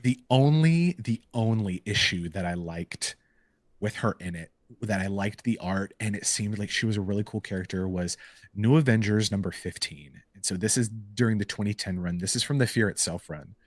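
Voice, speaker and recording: A man co-hosting a podcast, casually retelling comic book stories in an animated way with lots of "like" and "um". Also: on the low side, moderate pace, no echo. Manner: animated storytelling full of "like" and "um" fillers. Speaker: podcast co-host. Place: live podcast recording.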